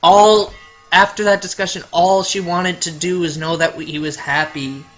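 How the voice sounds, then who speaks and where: A man's voice: sits high, steady tone, moderate pace, fairly bright tone, lo-fi sound, faint music behind. A man hosting a let's play, reading the game aloud and reacting with emotional, choked-up comments.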